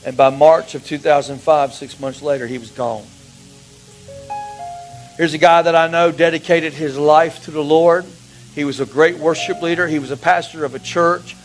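A man preaching a sermon, telling a personal story with emotion, his voice dropping to a hush and rising again. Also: on the high side, fairly even intonation, moderate pace, faint music behind, poor audio. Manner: emotional storytelling, swings from hushed to raised.

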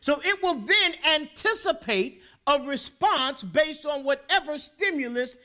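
A man preaching a sermon as pastor in a church, building to loud, shouted peaks. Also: very high-pitched, lively intonation, unhurried. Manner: preaching with rising, shouted peaks and call-and-response. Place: church sanctuary.

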